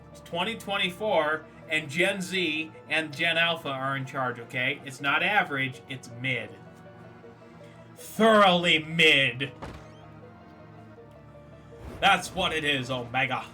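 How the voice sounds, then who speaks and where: A man's voice: on the high side, normal speed, bright, forceful tone, faint music behind. A man casually commentating a game on a live stream, joking and teasing a viewer.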